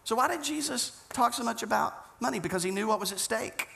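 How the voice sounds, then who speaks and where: A man's voice: very high-pitched, animated, a little fast, gravelly, pushed and bright. A man pastor preaching a sermon, earnest and conversational, telling stories with frequent restarts.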